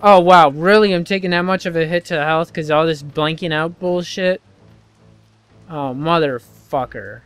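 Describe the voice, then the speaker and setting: A man's voice: a little high, fairly even intonation, brisk, few pauses, a bit bright, clear, resonant tone, faint music behind. A man commentating his own gameplay, muttering and swearing in frustration as he plays. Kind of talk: frustrated let's-play commentary.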